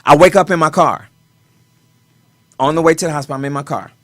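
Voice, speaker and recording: A man, a choreographer as a talk show guest, tells a personal story in an animated way, his voice swinging between quiet and loud. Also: on the high side, brisk, no echo.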